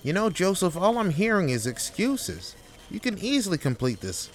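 A man's voice: high voice, sing-song, normal speed, voice pushed up. Man putting on a pushy, condescending office boss. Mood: demanding. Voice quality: pushy and belittling, keeps getting the worker's name wrong. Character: bossy male office manager, demanding and condescending.

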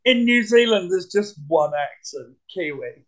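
High-voiced energetic British man. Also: measured pace, rough recording. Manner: energetic, blunt, swears casually. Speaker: podcast guest. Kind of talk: casual conversation.

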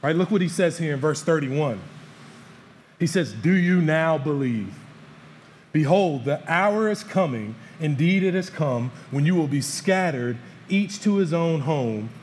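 Male pastor preaching in a reverberant hall. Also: unhurried. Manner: animated preaching, voices the disciples and Jesus with shifts in pitch and loudness. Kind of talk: sermon. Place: church hall. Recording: church hall with long reverb, faint background noise.

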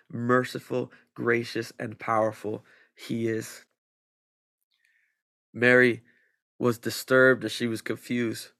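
Slow, bright-voiced preacher man. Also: medium pitch, no echo, studio quality. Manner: slow, emphatic preaching that builds in intensity. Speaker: pastor. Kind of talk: sermon.

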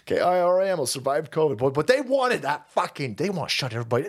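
A man's voice: a little high, sing-song, fast talker, hardly any pauses. A man hosting a political commentary stream, ranting in a foul-mouthed, sarcastic, mocking way. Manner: swings into exaggerated mocking voices. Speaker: stream host.

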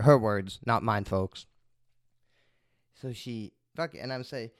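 A man's voice: mid-range voice, steady tone, normal speed, clear, resonant tone, no echo. Dude ranting on his podcast, swears constantly, meanders, dry close mic. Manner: profane, rambling storyteller. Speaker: podcast host. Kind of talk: casual rambling monologue.

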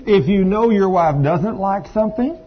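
A man's voice: high-pitched, expressive, normal speed. A man preaching a sermon, folksy and storytelling, with asides to the congregation. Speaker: pastor. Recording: dull lo-fi sound with faint ambience.

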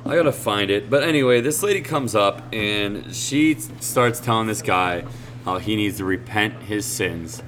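A man's voice: lowish voice, animated, normal speed, a bit bright, slight background noise. A man hosting a casual podcast, rambling, swearing freely and laughing as he tells a story. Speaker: podcast host.

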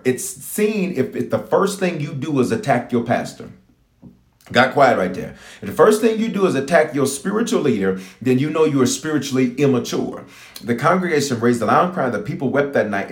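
Fervent preacher man in an echoey room. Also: mid-range voice. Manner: fervent, repeats lines for emphasis, reads scripture aloud. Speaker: bishop preaching online. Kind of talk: livestreamed sermon and prayer.

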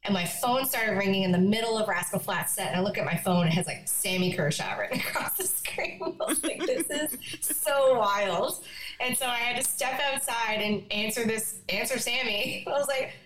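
A young woman from Newfoundland, Canada, guest on an interview podcast, telling her story in a lively, chatty way with quick asides. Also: mid-range voice, crowd noise. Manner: animated, laughing, quick asides. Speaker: guest, country singer-songwriter. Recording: echoey room, faint noise.

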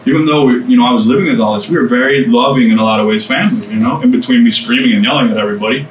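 Talking very fast in a medium-pitched voice, an American man gives his testimony to a small group, preaching in an earnest, conversational way with casual asides. He's somewhat far from the mic, and the echoing room carries a faint ambient hum.

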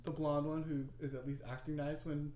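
A woman's voice: sits low, flat delivery, a little fast, mellow, highs cut off, slight background noise. A woman co-hosting a casual podcast chat, rambling and laughing easily. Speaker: podcast co-host.

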